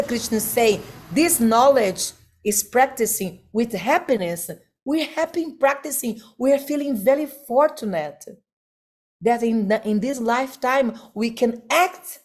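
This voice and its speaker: Slow, emphatic woman giving a devotional class. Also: on the high side, expressive, a little mellow. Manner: slow, emphatic, rhetorical questions, non-native phrasing. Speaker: spiritual teacher.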